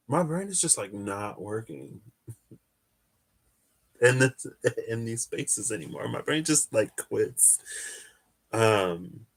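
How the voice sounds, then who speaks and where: Slow, rambling man reading tarot. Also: mid-range voice. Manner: rambling, reflective, answers viewer questions. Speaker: tarot reader hosting a live stream. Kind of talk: casual live-stream chat.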